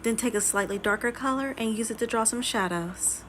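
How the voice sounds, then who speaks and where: A woman hosting a drawing tutorial and reading a storybook aloud, calm and instructive. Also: on the high side, a little fast, slight background noise.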